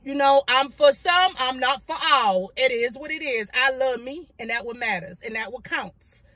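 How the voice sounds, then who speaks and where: Young woman fitness vlogger, high and crisp, sassy and chatty, recorded dry. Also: lively intonation, normal speed, bright, forceful tone, no room sound. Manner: sassy, chatty, calls viewers girl and baby. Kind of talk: casual talking-head vlog. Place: at home.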